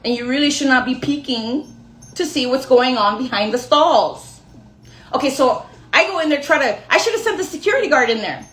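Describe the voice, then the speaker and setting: A woman's voice: high-pitched, animated, a little fast, fairly bright tone, reverberant, faint music behind. A young woman telling a rambling personal story to her viewers in a chatty, self-mocking way. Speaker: storyteller vlogger. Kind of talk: casual storytelling to camera.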